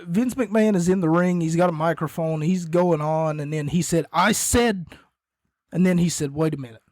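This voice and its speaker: A man with a somewhat high voice talks through a wrestling recap in a loose, rambling podcast style. He keeps correcting himself and coughs between points. The sound is dry and close, with no room around it. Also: steady tone, brisk, mellow, dry recording. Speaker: podcast host.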